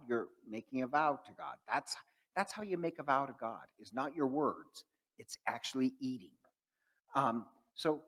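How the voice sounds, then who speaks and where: A man's voice: mid-range voice, breathy edge, big-room sound, low-quality recording. A man who is a priest, giving an informal faith-formation talk to adults and telling stories with many fillers and restarts. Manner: conversational, storytelling, frequent um fillers and restarts. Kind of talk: informal teaching talk with anecdotes.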